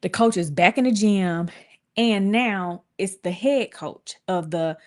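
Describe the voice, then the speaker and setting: A young woman vlogging a casual storytime, talking animatedly and jumping up in pitch when she acts out what people said. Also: takes it slowly. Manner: animated, acts out quotes with big pitch jumps.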